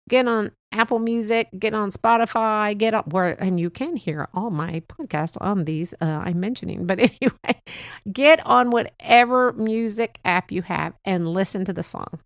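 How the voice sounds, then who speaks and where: A woman in her sixties hosts her own podcast, drifting from thought to thought in a heartfelt, chatty way. Her mid-range voice has a gravelly edge, and the sound is close and dry with no room around it. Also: mid-range voice, moderate pace, dry recording. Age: 60s. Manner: rambling, heartfelt, prone to chuckles. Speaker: podcast host. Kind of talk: casual solo podcast monologue.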